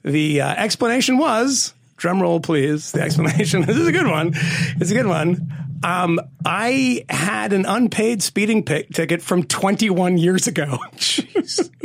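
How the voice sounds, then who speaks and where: A man co-hosting a podcast, telling a story in a lively, casual way with frequent laughs and swearing. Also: sits high, a little slow, vocal fry, dry recording. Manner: animated storytelling with laughs and profanity. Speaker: podcast co-host. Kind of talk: casual chat.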